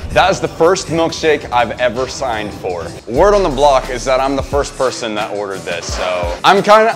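A man in his twenties vlogging from a restaurant, joking and nervous as he talks through a food challenge. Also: medium pitch. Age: 20s. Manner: jokey, nervous, animated. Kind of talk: excitable vlog chatter. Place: restaurant, indoors. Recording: music bed behind voice.

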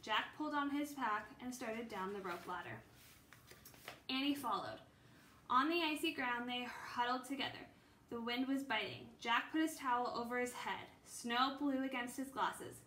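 Bright-voiced woman reading a children's book. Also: fairly high pitch, moderate pace. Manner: steady storytelling with small slips. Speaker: reader. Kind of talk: children's book read-aloud. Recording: roomy with faint ambience.

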